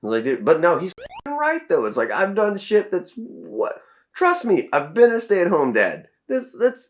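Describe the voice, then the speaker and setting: A man's voice: high-pitched, normal speed. A young man reacting to a comedy clip, swearing freely and laughing along in casual commentary. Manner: profane, laughing, animated. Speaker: reaction video host.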